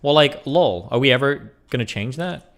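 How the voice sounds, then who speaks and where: A man co-hosting a casual stream chat, thinking out loud in a rambling, speculative way. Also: medium pitch, lively intonation, moderate pace, creaky. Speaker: stream co-host.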